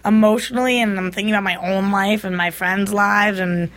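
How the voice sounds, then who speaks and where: A young woman hosting a relaxed, chatty recap. She tells the story animatedly in a mid-pitched voice and acts out the scenes as she goes. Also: fairly quick. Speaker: podcast host. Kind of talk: casual recap chat.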